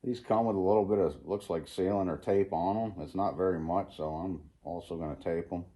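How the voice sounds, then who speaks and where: Deep-voiced guy chatting through a garage project, laid back, kinda roomy sound. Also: brisk. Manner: relaxed, talking to himself while working with tools. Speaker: channel host. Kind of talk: casual DIY workshop vlog. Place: cold home garage, indoors. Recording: roomy garage echo, faint noise.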